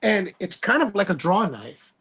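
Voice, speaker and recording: A man's voice: sits high, big pitch swings, moderate pace, a bit bright, slightly rough. A man hosting a live stream, rambling casually and self-deprecatingly while reading viewer comments aloud. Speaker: livestream host.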